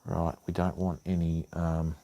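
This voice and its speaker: A man's voice: low voice, little pitch movement, unhurried, warm tone, lo-fi sound. A middle-aged man, chatting casually and cracking jokes to his mates while sorting his fishing gear. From Australia. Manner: chatty, joking asides to friends. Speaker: fishing channel host.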